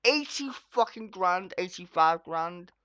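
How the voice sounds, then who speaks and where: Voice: mid-range voice, animated, a little slow, clean tone, muffled recording. Foul-mouthed streamer ranting at a debate. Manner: swearing constantly, ranting with sudden loud outbursts. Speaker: streamer reacting to a debate clip. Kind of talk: angry profane reaction rant. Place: at a home computer.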